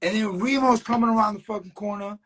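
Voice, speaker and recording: A man's voice: sits high, fast, a bit bright, a little hiss or hum. A man, a graffiti writer, telling street stories in a loose, profane, streetwise way during a casual interview. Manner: loose, profane, streetwise, peppered with "you know what I'm saying".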